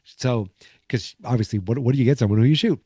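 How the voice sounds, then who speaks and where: This podcast host talks fast in a dark, mid-range voice with a breathy edge, casually recapping a sitcom episode and acting out lines as he rambles. It's a studio-quality recording with no echo.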